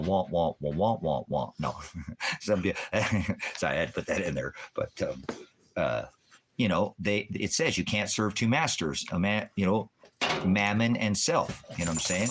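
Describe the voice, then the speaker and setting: A man's voice: sits low, fairly bright tone, slight background noise. A man hosting a ministry livestream, ranting in a heated, profane, rambling way and quoting scripture. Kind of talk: angry livestream rant.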